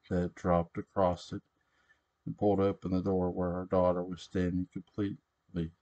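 Storyteller, man, deep voice, slow, unhurried read, corrects small slips. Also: warm tone, muffled recording. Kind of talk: reading a story aloud.

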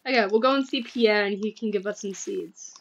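A woman's voice: mid-range voice, fairly quick, creaky, a little hiss or hum, rough recording. A young Australian woman hosting a casual gaming session, chatty and playful as she guides her friend through the game. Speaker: gaming channel host. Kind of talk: casual gameplay chat.

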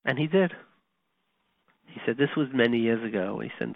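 A man hosting a radio talk show, telling a story and teaching Torah, animated and conversational, dropping to quiet retellings. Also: mid-range voice, moderate pace, gravelly, no echo. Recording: tinny phone-like line, dry.

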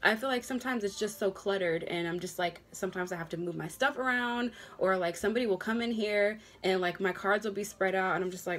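A woman's voice: medium pitch, fairly bright tone, a little hiss or hum. A woman giving a casual tarot reading to camera from her home workstation, talking in a chatty way with lots of "okay?" checks. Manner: chatty, drawn-out words, frequent okays. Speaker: tarot reader. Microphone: desk camera at a workstation.

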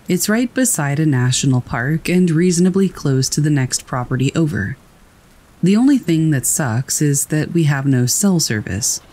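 A man reading scary first-person stories aloud in a calm, steady storytelling voice. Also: on the high side. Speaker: narrator. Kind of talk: scripted narration of scary stories. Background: rain.

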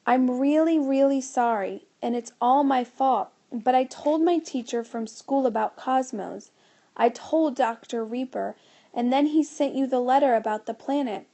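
A woman's voice: high-pitched, a little slow, mellow. A woman reading as an urgent, pleading schoolboy. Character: excitable frightened schoolboy.

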